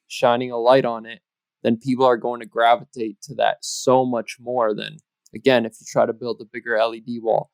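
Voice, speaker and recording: A man's voice: mid-range voice, vocal fry, smooth, no echo, low-quality recording. A man co-hosting a podcast in casual chat, giving emphatic advice with some swearing. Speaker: podcast co-host.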